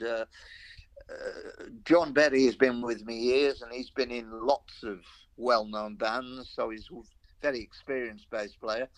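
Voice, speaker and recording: A man's voice: mid-range voice, a bit bright. An older man with a Black Country accent, a veteran rock guitarist chatting as an interview guest, rambling through anecdotes with self-mocking humour. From Black Country, English Midlands. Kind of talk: casual interview chat.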